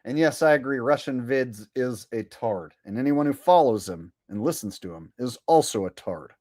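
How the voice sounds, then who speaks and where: A man's voice: medium pitch, lively intonation, normal speed, darkish tone, no room sound, clean studio sound. Profane, boastful male livestream host. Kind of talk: casual livestream rant.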